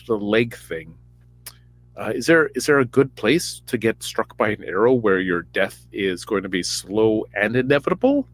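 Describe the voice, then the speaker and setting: A podcast host retelling a story in a casual, crude, rambling comic manner. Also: male voice, on the low side. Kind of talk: comedic storytelling.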